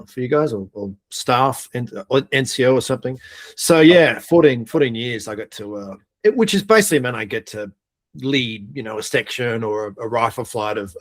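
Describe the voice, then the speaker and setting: A middle-aged man from Australia, a podcast guest and air force veteran, telling a story in a lively, swearing way and laughing as he goes. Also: medium pitch. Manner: animated, swears a lot, laughs through his story. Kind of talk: casual storytelling.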